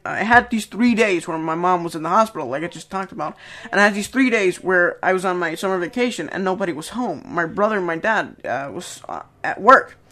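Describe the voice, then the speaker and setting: A man's voice: high-pitched, animated, fairly quick, bright, forceful tone. A young man gives casual, rambling commentary on his own videos, full of fillers and restarts. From Denmark.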